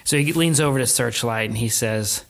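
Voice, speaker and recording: An adult man tells a story in an easy conversational way. He animates the retelling with quoted voices and short laughs. His voice sits at an ordinary middle pitch. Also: normal speed, vocal fry, fairly bright tone. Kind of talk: casual storytelling chat.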